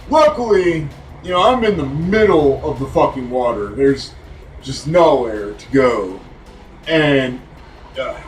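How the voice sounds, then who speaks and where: A man's voice: a little high, distant mic, a little hiss or hum, rough recording. A man telling a rambling, profane story, full of fillers and restarts.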